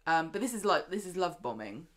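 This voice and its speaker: A chatty woman co-hosting a laid-back recap, her voice sitting a bit low. She keeps slipping into animated snippets of dialogue as she tells it. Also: brisk. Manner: chatty, acts out characters' lines in animated bursts. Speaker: podcast co-host. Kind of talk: casual soap recap chat.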